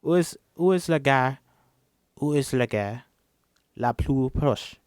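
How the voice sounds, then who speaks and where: A man reading a script aloud and voicing a dazed woman who speaks slow, stumbling French with many restarts. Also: medium pitch, animated, a little mellow, clean tone, no echo, studio quality. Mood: halting.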